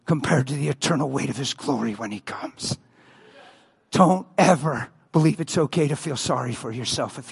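Man, preacher, high voice, passionate sermon, loud and hushed swings. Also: husky.

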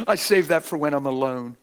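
A man's voice: a little high, big pitch swings, moderate pace, clean tone. A middle-aged man preaching a sermon as a pastor, exuberant and folksy, breaking into laughter.

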